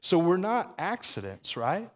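A man's voice: high-pitched, big pitch swings, unhurried, big-room sound. A man preaching a sermon in a conversational way, repeating words as he restarts and laughing now and then. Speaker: pastor.

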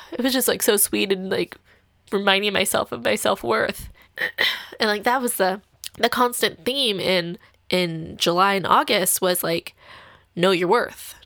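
A woman's voice: mid-range voice, unhurried, creaky, fairly bright tone, no echo, clean studio sound. A young adult woman casually telling a dating story, full of "like" fillers and light laughs. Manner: chatty, heavy filler use of "like", frequent light laughs.

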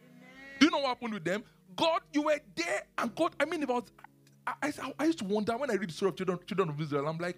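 A man preaching a sermon and teaching the Bible, animated, asking his listeners questions and laughing often. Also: very high-pitched, quick pace, soft background music.

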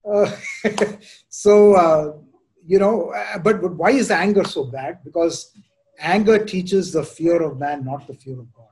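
A man leads an informal Bible teaching session, his voice sitting somewhat higher than most men's. He talks in an easygoing, candid way, often tagging his points with "right?" and "you know". He comes across as a pastor reflecting openly with his group. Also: measured pace, darkish tone, low-quality recording. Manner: conversational, frequent "you know" and "right?" tag questions.

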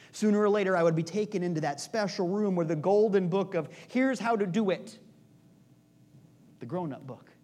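Man minister, high-pitched, chatty sermon delivery, swings from loud stress to near-whispers. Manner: storytelling, shifts between loud emphasis and hushed asides. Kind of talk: conversational sermon.

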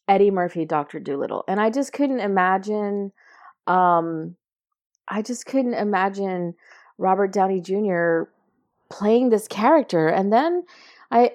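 A woman's voice: medium pitch, a little mellow. A woman in her thirties co-hosting a movie podcast, talking in an enthusiastic, chatty way. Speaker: podcast co-host. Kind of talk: casual chat.

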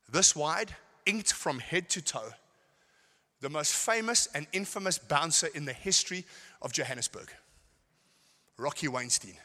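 A middle-aged man preaching a sermon, telling stories and swinging between shouted lines and quiet asides. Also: a little high. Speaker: pastor. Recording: hall with long reverb.

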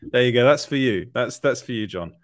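A man's voice: mid-range voice, animated, fairly quick, no room sound, studio quality. A young man hosting a livestream, reading viewer comments in a chatty way with frequent laughs and fillers. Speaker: livestream host. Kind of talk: casual live chat, reading viewer comments.

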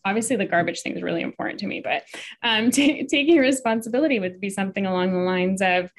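On a casual podcast, a woman therapist talks about couples communication, full of fillers and restarts. Her voice is medium in pitch and quick.

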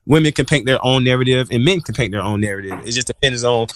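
A man's voice: medium pitch, fairly even intonation, fast talker, slight background noise. Earnest man hosting a casual podcast. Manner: earnest, colloquial, repeats for emphasis. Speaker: podcast host.

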